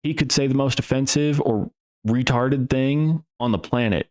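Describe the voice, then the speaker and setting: A man hosting a podcast, talking in a casual, rambling monologue full of restarts and the odd curse word. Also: medium pitch. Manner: rambling and profane, with restarts and trailing pauses. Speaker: podcast host.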